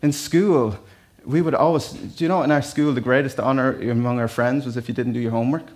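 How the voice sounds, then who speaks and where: A man's voice: mid-range voice, brisk, a little mellow. An Irish man preaching a sermon in a church, talking to the congregation in a conversational, storytelling way with asides. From Ireland. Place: church hall.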